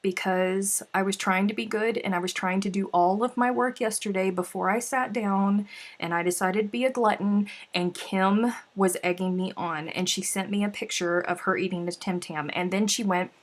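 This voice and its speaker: A woman's voice: mid-range voice, steady tone, moderate pace. A woman hosting a casual craft livestream, chatting and reading out viewer comments with sighs and laughs. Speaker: livestream host. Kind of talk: casual chat while crafting.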